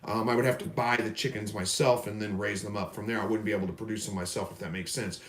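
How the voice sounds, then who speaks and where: A man's voice: on the low side, steady tone, fast. A man from Missouri hosting a casual live stream, reading viewer questions aloud and answering in a rambling, folksy way. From Missouri, USA. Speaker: livestream host. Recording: roomy echo.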